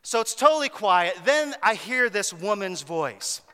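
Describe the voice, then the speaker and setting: A man preaching a sermon with a high, bright, clear voice. He tells stories in an animated way, repeating words for emphasis, and a long echo hangs after his words in a big hall. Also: a little slow. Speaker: pastor.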